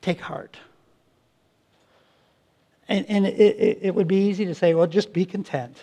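A man's voice: high-pitched, steady tone, a little slow, warm tone. A middle-aged male pastor preaching a sermon, emphatic, repeating phrases and restarting his sentences.

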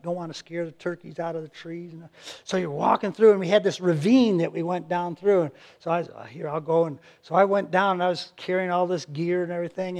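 A man's voice: high-pitched, gravelly, a little mellow. A man preaching a sermon as pastor, earnest and conversational, often restarting words and acting out little quotes.

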